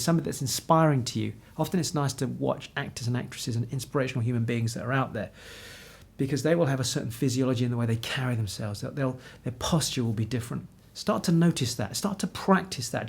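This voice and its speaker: A man in his fifties, a confidence coach, giving an energetic, encouraging talk straight to the viewer from an indoor room. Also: mid-range voice. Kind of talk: motivational talk to camera. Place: indoor room with pictures on the wall.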